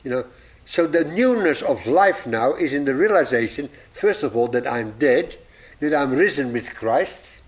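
A man's voice: mid-range voice, animated, moderate pace. A man preaching a sermon, telling illustrations and acting out the voices in his stories, chuckling at his own jokes.

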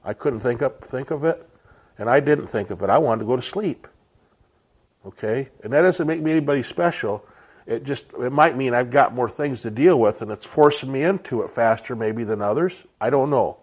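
A man's voice: mid-range voice, expressive, normal speed, a little mellow, breathy edge, dull audio. A man giving an informal sermon as a Bible teacher, chatty and conversational, often checking in with rhetorical questions.

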